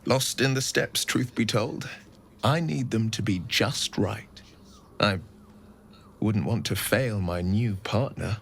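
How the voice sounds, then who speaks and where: Game hero: gallant and courtly, a slow, slightly gravelly voice with an expressive melody. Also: male voice, lowish voice, a little hiss or hum. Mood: sheepish, warm. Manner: courteous and romantic. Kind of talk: video game voice acting.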